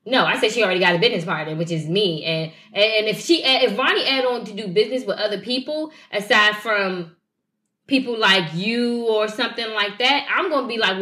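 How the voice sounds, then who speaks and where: A woman's voice: mid-range voice, a little fast, bright, forceful tone. A young woman co-hosting a podcast, telling stories candidly and animatedly, with slang and swearing. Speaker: podcast co-host. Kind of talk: casual chat. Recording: roomy echo.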